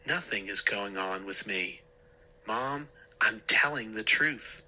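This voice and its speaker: A man's voice: on the low side, slow pace, pushed and bright, exaggerated voice. A man voicing a frantic boy who stammers and pleads that he is innocent. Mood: pleading.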